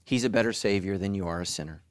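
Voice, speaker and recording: Animated preaching man, dry sound. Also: fast talker, smooth, no echo. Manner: animated, jumps into high mocking voices for asides. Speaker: pastor. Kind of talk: sermon.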